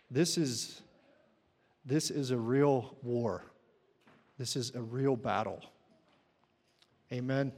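Guy preaching a sermon, earnest, mid pitch, long reverb like a big hall. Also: darkish tone. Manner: earnest, repeats words and restarts, clears throat. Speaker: pastor.

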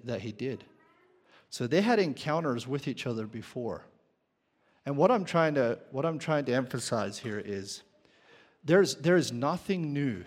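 Male preacher, slow deliberate delivery, questions the pews, long reverb of a church hall. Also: medium pitch. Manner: questions the congregation. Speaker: pastor. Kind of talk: sermon.

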